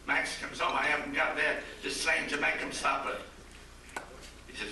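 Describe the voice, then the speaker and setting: A man's voice: medium pitch, a little slow, long pauses, bright, forceful tone. An older man from Ohio tells stand-up jokes at a banquet with a dry, punchline-driven delivery. His voice is caught from a distance in a big, echoing hall. There is noticeable noise throughout. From Akron, Ohio. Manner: dry joke-telling with quoted voices. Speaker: comedian at a roast dinner. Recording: echoey banquet hall from far off, noisy.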